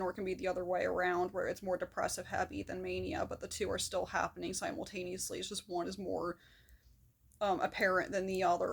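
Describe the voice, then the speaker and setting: A woman talking candidly to camera about her own experience, rambling a little, with fillers and soft laughs. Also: lowish voice, vocal fry. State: shaky hands, feeling manic. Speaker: video blogger. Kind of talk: personal talk to camera.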